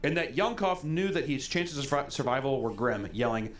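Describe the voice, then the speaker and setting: Lively young man reacting, music faint. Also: mid-range voice, normal speed. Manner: reads list aloud, jokey asides, swears. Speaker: reaction video host. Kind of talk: casual reaction commentary.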